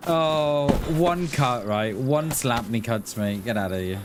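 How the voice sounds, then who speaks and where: A man's voice: mid-range voice, expressive, unhurried, hardly any pauses, very noisy. A man chatting casually to viewers while streaming a game, laughing often and thanking people for donations. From Wales. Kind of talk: casual live-stream chat.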